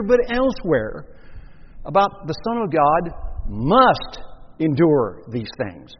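A male pastor preaching an emphatic sermon, leaning on key words and repeating them for stress, recorded in a church with long reverb and dull, lo-fi sound. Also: a little high.

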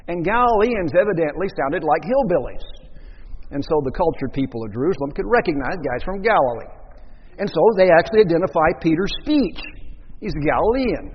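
A man's voice: a little high, slightly rough, in a large hall, highs cut off. A man preaching a sermon, telling a story and acting out the voices of the people in it. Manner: storytelling, acts out quoted voices.

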